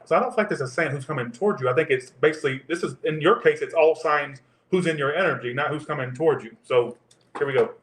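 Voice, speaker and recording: A man's voice: fairly high pitch, quick pace, a bit bright. A man doing a live tarot reading, talking in crude, profane, joking banter. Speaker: tarot reader. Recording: roomy echo.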